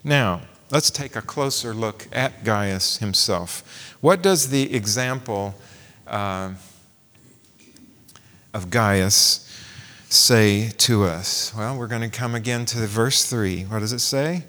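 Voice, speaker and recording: A man's voice: lowish voice, slow pace, pushed and bright, in a large hall. A man preaching a sermon, posing rhetorical questions and reading scripture aloud.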